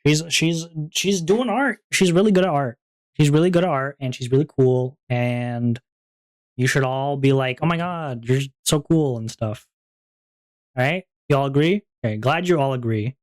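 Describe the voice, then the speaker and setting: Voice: mid-range voice, moderate pace. Giggly, rambling streamer. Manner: rambling, giggly, lots of fillers. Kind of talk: casual stream chat.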